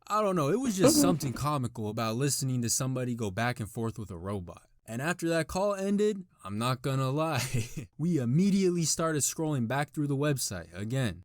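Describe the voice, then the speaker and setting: A man's voice: mid-range voice, no room sound, clean studio sound. A young man narrating a prank story and acting out his friend's replies. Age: young adult.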